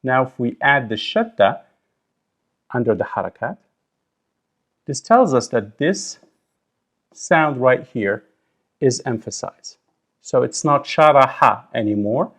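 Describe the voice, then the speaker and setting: Man teaching a lesson, slow n careful, lively up and down voice. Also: medium pitch. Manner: slow, deliberate, sounds out syllables carefully. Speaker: Arabic teacher. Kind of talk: recorded language lesson.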